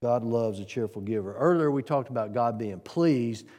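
A man preaching a sermon on giving, earnest, piling up rhetorical questions and swinging from loud to soft. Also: mid-range voice, moderate pace, long reverb tail. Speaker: pastor.

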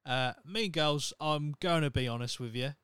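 A man's voice: on the high side, moderate pace, fairly bright tone, clean tone, no echo. A young man hosting a solo podcast, talking in a blunt, sweary, opinionated way. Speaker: podcast host. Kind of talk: casual solo podcast rant.

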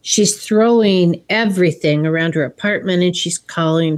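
A woman's voice: lowish voice, moderate pace, hardly any pauses. A woman co-hosting a casual chat, retelling a film scene by scene and quoting its lines.

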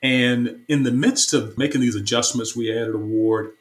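A man's voice: medium pitch, steady tone, moderate pace, poor audio. A man, a church stake president, earnestly telling a personal story in an interview, often repeating himself.

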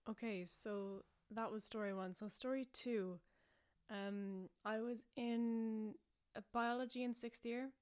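A woman's voice: on the high side, fairly even intonation, slow, smooth. A young Irish woman hosting a podcast, telling stories in a chatty, self-mocking way, with lots of fillers and frequent laughs. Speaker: podcast host. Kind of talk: casual storytelling podcast.

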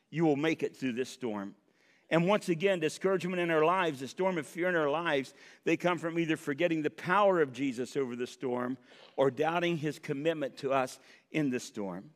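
A man's voice: sits high, a bit bright. A middle-aged male pastor preaching a sermon in a church, building to impassioned cries with wry humorous asides. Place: church sanctuary. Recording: long hall reverb.

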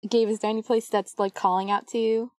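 A woman's voice: a little high, level tone, fast, no echo. A woman playing along in a casual game, chatty and curious. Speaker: player.

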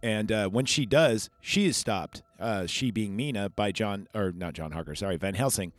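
Rambling low-voiced man. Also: animated, normal speed, dry recording. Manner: rambling, chatty, with fillers and asides. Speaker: podcast host reviewing a film. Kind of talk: casual chat. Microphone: podcast microphone.

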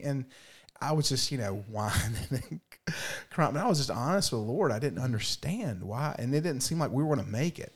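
Man in his forties, missionary guest, earnest, emotional, middle-pitched voice. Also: expressive, moderate pace, husky. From North Carolina, USA. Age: 40s. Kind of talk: casual testimony.

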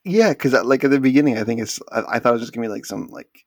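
A man's voice: medium pitch, animated, rapid-fire, dry recording, studio quality. A man co-hosting a casual movie review chat, eager and chatty, jumping in with comments. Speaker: podcast co-host.

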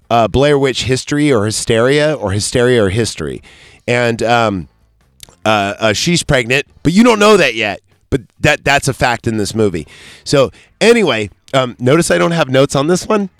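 A man's voice: mid-range voice, lively intonation, moderate pace, no echo, studio quality. A man hosting a podcast, recapping a movie in a rambling, profane, casual way. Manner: rambling, profane, loose storytelling. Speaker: podcast host. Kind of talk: casual movie review chat.

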